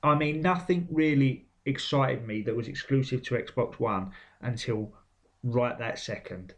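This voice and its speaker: A man's voice: medium pitch, unhurried. A man giving blunt, sweary, opinionated commentary on video game trailers. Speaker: game vlogger. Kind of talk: casual commentary.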